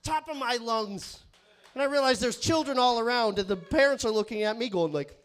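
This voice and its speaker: A man doing a crude, rambling stand-up set on a comedy club stage, sometimes bursting into shouting. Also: very high voice, moderate pace. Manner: crude, rambling, self-interrupting.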